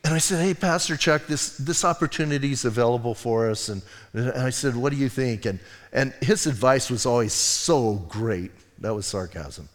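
A male pastor preaching a sermon in a relaxed, conversational way, telling stories with asides and restarts. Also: medium pitch, moderate pace, few pauses, in a large hall. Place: church sanctuary.

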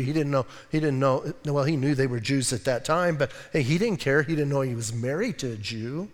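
A male pastor preaching a sermon in an animated, conversational way, acting out quotes and laughing often. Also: mid-range voice, fairly quick, hardly any pauses, in a large hall.

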